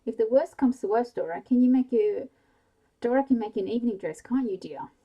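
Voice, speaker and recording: A woman's voice: on the high side, lively intonation, a little fast, dark tone, lo-fi sound, pitched above the performer's own voice. A woman voicing a coaxing, motherly middle-aged mother in a whispered bedtime story. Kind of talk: whispered role-play.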